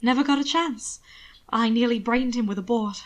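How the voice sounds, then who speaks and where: A woman voicing a calm, defiant young man who speaks firmly and reassuringly. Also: on the high side, normal speed, lightly acted. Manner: placid, firm and reassuring.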